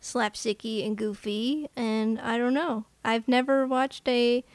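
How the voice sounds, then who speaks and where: A woman co-hosting a film podcast in a casual chat, talking in quick asides and laughing often. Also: fairly high pitch, fairly even intonation, dry recording. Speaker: podcast co-host.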